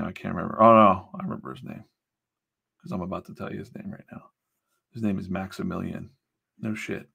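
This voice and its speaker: This comic artist's voice sits on the low side, creaky and a bit bright with a breathy edge. He rambles casually while streaming his drawing session, telling loose stories, swearing, and acting out quotes.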